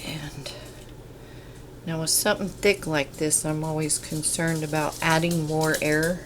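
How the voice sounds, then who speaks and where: A woman talking through home canning in her kitchen, stuffed up and congested, rambling in a relaxed, unhurried way. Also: low-pitched, background noise. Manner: slow, unhurried, rambling explanations. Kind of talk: casual kitchen how-to chat. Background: kitchen clatter of pots and utensils.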